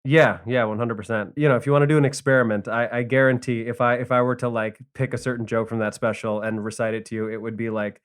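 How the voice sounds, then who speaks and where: A man's voice: mid-range voice, flat delivery, fast talker, hardly any pauses, smooth. A man, a guest stand-up comedian, talking casually on a podcast with many fillers and restarts.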